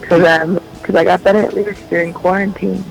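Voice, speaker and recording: Dry, gravelly-voiced woman musician. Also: on the low side, flat delivery, brisk, poor audio. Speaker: musician guest. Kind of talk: casual interview chat.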